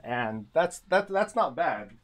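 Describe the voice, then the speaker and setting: A man's voice: a little high, sing-song, slow. A man chatting casually on a gaming livestream, rambling, restarting his sentences and laughing often.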